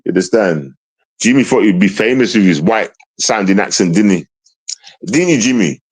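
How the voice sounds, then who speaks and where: A man's voice: lowish voice, expressive, moderate pace, breathy edge, poor audio. Confrontational man ranting on a livestream. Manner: confrontational, repetitive, slangy, restarts often. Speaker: livestream host. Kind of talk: casual livestream rant.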